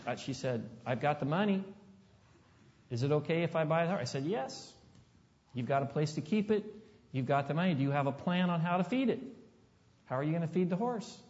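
A man's voice: a little high, a little mellow. Man, pastor, folksy sermon storytelling, long hall reverb, muffled sound. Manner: folksy, conversational, asks the audience questions.

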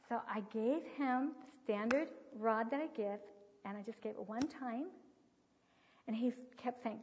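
A woman's voice: a little high, moderate pace, darkish tone. A woman earnestly telling a story as part of a sermon, with vivid retelling and acted quotes. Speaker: speaker teaching on child discipline. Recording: dull recording with long hall reverb.

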